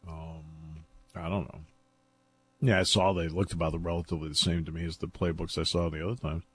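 A man's voice: low voice, level tone, brisk, a little hiss or hum. A man talking football in casual chat, chatty and laughing often as he tells stories. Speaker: football analyst.

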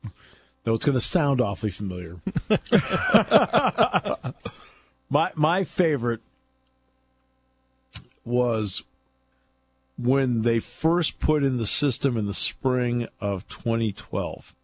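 A man's voice: medium pitch, big pitch swings, slow, pauses often, husky. A man talking football in casual chat, chatty and laughing often as he tells stories. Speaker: football analyst.

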